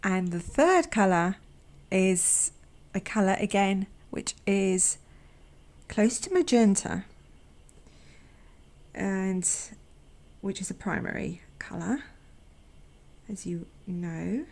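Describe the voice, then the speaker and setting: Slow, gravelly, soft-spoken woman painter. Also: medium pitch, expressive. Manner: gentle and chatty, drops to a soft near-whisper; self-deprecating asides. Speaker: watercolor artist and channel host. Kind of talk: casual narration while painting swatches.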